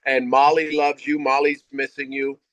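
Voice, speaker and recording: A man's voice: medium pitch, flat delivery, moderate pace, fairly bright tone, no echo, low-quality recording. A man hosting a casual video call, praising a guest and laughing often. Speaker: host.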